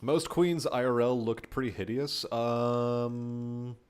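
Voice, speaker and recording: Chill guy streaming a strategy game, mid pitch, mumbly, casual swearing. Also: steady tone, takes it slowly, smooth. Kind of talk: casual gameplay commentary.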